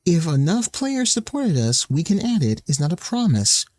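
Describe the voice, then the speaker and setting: A man rants in angry commentary, swearing often and mocking the people he quotes. His voice sits a little high for a man. The sound is dry and close, with no room around it. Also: sing-song, moderate pace, a little mellow, dry recording. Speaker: streamer.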